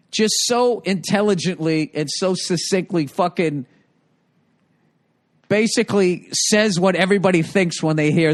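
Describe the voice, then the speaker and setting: A man's voice: sits high, moderate pace. Profane, rambling man telling stories. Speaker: podcast host. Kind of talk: casual comedic monologue.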